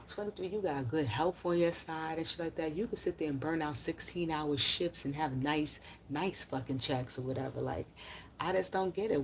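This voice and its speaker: Blunt, profane woman with a low voice. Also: creaky, slight background noise. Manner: reads chat comments aloud. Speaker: livestream commentator. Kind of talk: casual ranting livestream.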